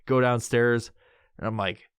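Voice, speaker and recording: A man in his thirties, a podcast host, telling a rambling, profane story in casual talk and breaking into loud high-pitched voices when he quotes someone. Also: fairly even intonation, a little slow, smooth, dry recording, studio quality.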